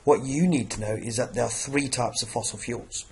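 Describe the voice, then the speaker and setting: A man with a croaky voice from a cough, teaching an exam revision lesson and peppering his talk with "okay". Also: mid-range voice, normal speed, darkish tone, a little hiss or hum. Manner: repeats "okay" and "obviously" often.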